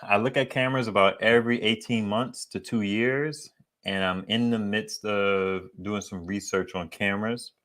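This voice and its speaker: A man with a deep, bassy voice chatting casually to his viewers about solar gear, rambling and slangy. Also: fairly even intonation, normal speed, a bit bright. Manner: rambling, digressive, slangy and candid. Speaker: solar equipment YouTuber. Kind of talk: casual vlog chat.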